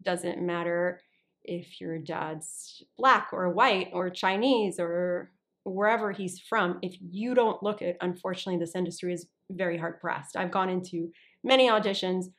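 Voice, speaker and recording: A woman's voice: fairly low pitch, unhurried, fairly bright tone. A woman who works as an actor and voiceover artist, chatting as a guest in an interview, often restarting sentences and checking that the listener follows. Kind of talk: casual interview talk.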